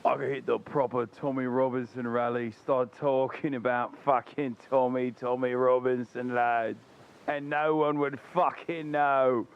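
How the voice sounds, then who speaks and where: A man's voice: medium pitch, little pitch movement, unhurried, vocal fry, dull audio, slight background noise, voice pushed down. A man putting on a to play a crude, swaggering bigoted rally lad. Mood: mocking. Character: mocking bigoted British rally lad, brash.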